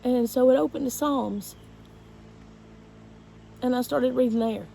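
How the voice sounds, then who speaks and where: Woman vlogging her own hard story, warm soft tone, stops and restarts a lot, bit of faint hiss. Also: sits high, vocal fry, rough recording. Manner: emotional, halting, with restarts. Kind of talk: personal storytelling to camera.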